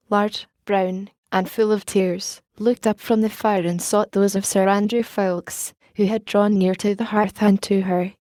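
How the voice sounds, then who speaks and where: A woman narrates an audiobook in a measured, even storytelling manner. Her voice is dark and mellow. The recording is dry and close. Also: mid-range voice, no room sound.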